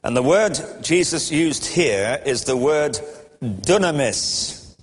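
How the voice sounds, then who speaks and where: A man's voice: on the high side, animated, measured pace, in a large hall. A male preacher delivering a sermon in a storytelling manner, with wry chuckles.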